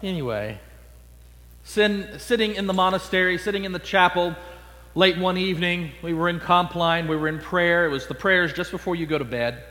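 A man preaching a sermon, telling a story in a playful, animated way. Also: sits high, normal speed. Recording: long echo in a large hall.

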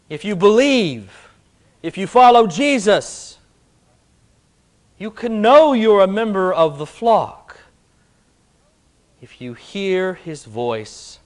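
A man preaching a sermon as pastor, slow and emphatic, building on repeated rhetorical questions. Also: sits high.

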